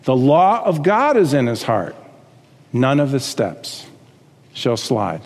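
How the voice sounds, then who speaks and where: A male pastor preaching a sermon, reading scripture and acting out quotes with lively emphasis. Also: a little high, a little slow, long reverb tail.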